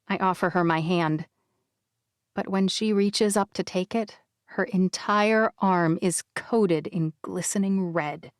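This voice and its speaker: A woman narrating an audiobook in the first person, with expressive storytelling. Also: mid-range voice, no echo, studio quality. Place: recording booth. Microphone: studio microphone.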